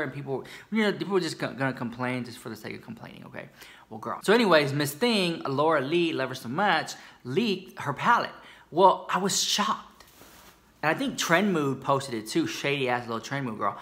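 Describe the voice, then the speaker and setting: This American beauty YouTuber's voice is on the high side, animated and fairly quick, with a bright, forceful tone. He gossips to camera about beauty news in a sassy, dramatic, chatty way, calling viewers "girl."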